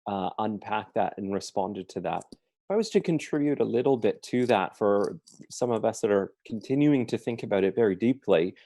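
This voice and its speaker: Man, mellow voice, dry sound, earnest storytelling, forum answer. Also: fairly low pitch, lively intonation, moderate pace, dry recording. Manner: earnest, storytelling, with emphatic stresses. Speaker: forum speaker answering questions.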